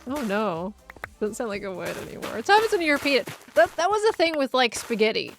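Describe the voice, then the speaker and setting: A woman's voice: a little high, sing-song, fast, music in the background. A young woman chatting casually while streaming a game, musing aloud and laughing often. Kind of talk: casual live-stream chat while gaming.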